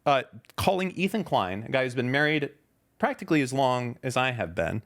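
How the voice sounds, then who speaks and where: A man in his thirties with a gravelly, fry-laden voice, hosting a casual podcast. He reads tweets aloud with dry sarcasm and mocking asides. His pitch sits at an ordinary middle level for a man. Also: sing-song, brisk, fairly bright tone. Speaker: podcast host reading tweets. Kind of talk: casual reaction chat.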